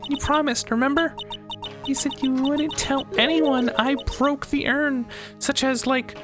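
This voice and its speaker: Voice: steady tone, a little slow, over music. A streamer doing a whiny little girl. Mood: pleading, sulky. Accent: American. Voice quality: high, whiny and pleading. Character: small girl, pleading and sulky.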